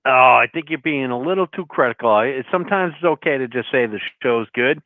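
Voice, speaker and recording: A man's voice: mid-range voice, lively intonation, brisk, dry recording. A man calling into a talk show with a Boston accent, joking crudely and then talking earnestly. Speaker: caller. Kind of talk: phone-in chat. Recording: tinny phone line.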